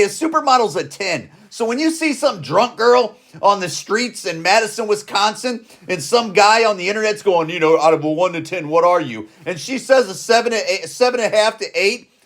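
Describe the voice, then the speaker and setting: A man in his forties hosting a podcast, ranting bluntly in casual slang and repeating his points. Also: sits high. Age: 40s. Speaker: podcast host. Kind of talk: casual opinion rant.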